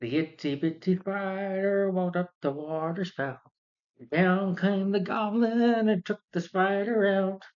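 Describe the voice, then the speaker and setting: A man's voice: medium pitch, animated, moderate pace, muffled recording, lightly acted. A man voicing a menacing male goblin villain, taunting in a sing-song way.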